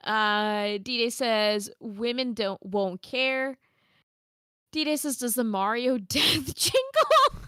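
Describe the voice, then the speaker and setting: A woman's voice: a little high, animated, pushed and bright, clear, resonant tone, no room sound, studio quality. A young woman co-hosting a podcast, casually reading live chat comments aloud and laughing often. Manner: playful, laughs often, reads comments in quick bursts. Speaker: podcast co-host.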